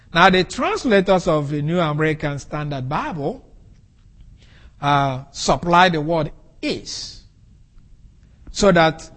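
Slow, emphatic male preacher. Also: on the high side, a bit bright, slightly rough. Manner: deliberate, emphatic, stresses key words. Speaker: pastor. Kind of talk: expository sermon.

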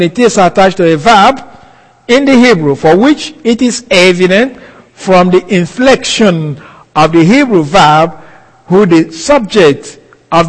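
A man giving a sermon in a slow, deliberate, emphatic way. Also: sits high, in a large hall, poor audio. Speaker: preacher.

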